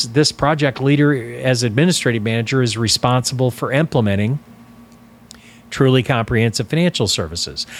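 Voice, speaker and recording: Male business coach, deliberate and emphatic, explaining step by step in an instructional talk. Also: mid-range voice. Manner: deliberate, emphatic, stresses key words. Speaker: business coach for financial advisors.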